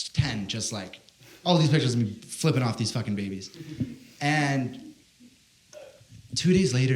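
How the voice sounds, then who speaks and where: A young man doing stand-up comedy, telling a story in a brash, profane, slangy way and calling people "bro.". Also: medium pitch. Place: comedy stage before a live audience.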